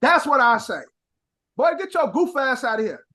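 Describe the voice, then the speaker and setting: Animated man from Chicago, casual podcast banter. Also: extremely high pitch, moderate pace. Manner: animated, swings into loud mock voices. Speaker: podcast co-host. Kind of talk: casual chat.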